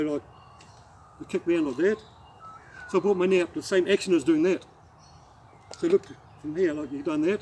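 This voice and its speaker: A middle-aged Australian man telling a rambling anecdote as a martial arts instructor, halting and restarting as he demonstrates the moves. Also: on the high side, warm tone, a little hiss or hum, poor audio. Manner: rambling, halting storyteller who demonstrates moves while talking. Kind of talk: casual spoken anecdote with demonstration.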